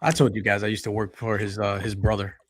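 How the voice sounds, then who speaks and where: A man's voice: fairly low pitch, flat delivery, fast, a little hiss or hum. A man hosting a casual pop culture chat, telling profane anecdotes and laughing often. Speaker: podcast host.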